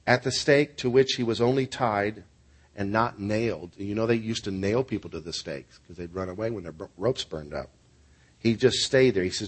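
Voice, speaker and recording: A man's voice: lowish voice, normal speed. A male pastor preaching a sermon, telling stories in an earnest way and closing in prayer.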